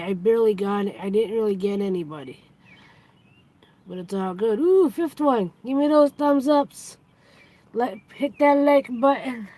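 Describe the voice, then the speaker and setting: A woman's voice: fairly high pitch, dark tone, rough recording. A woman hosting a casual live stream, chatty, greeting and thanking her viewers as they come in.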